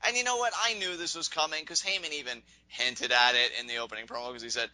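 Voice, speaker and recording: Male podcast co-host, very bright tone, dry mic, rambling casual chat. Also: medium pitch, steady tone, quick pace, clear, resonant tone, no echo, low-quality recording. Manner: rambling, laughs often, acts out quotes. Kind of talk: casual wrestling review chat.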